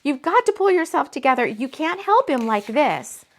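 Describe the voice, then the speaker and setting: A woman voicing a female Reiki healer, speaking in a soothing, steady, reassuring way. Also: high voice, normal speed, pitched above the performer's own voice. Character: calm, caring female Reiki healer friend.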